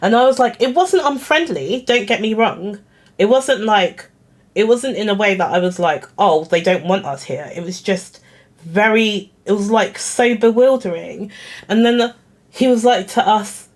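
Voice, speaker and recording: A young woman chatting straight to camera as she recounts a story, her voice sitting in a middle pitch range. She talks casually and rambles, often giggling and sounding a little self-conscious. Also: moderate pace. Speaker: vlogger.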